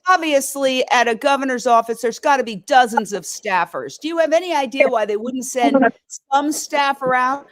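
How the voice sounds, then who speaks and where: A woman's voice: high-pitched, lively intonation, moderate pace, hardly any pauses, fairly bright tone, no echo. A woman asking probing questions at a press conference, starting with fillers.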